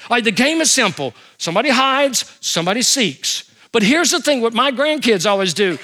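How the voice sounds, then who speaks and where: An older man preaching a sermon as a pastor, animated and humorous, telling stories and asking rhetorical questions. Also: very high-pitched, moderate pace.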